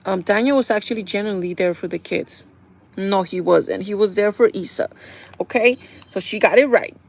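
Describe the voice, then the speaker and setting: A woman livestreamer chats casually while recapping a TV show, acting out characters' quoted lines and speaking to her audience as "you guys." Her voice is medium in pitch with vocal fry, at a normal speed.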